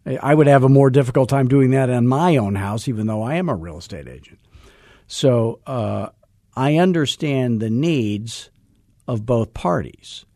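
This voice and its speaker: A middle-aged man coaching real estate agents in a salesy, joking, energetic way. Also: medium pitch, normal speed, no echo, studio quality. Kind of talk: coaching podcast talk.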